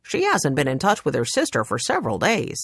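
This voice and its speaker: A woman voicing a friendly adult man who guides the children, eager and lightly excited, in an audiobook. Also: sits low, fairly quick, slightly rough, no echo, clean studio sound, full character voice.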